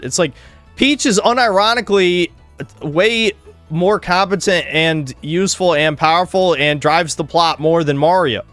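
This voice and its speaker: A man's voice: fairly high pitch, moderate pace, fairly bright tone, no echo, faint music behind. A man hosting a casual podcast while gaming, rambling and swearing with lots of filler words. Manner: rambling, profane, heavy use of "like". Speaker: podcast host.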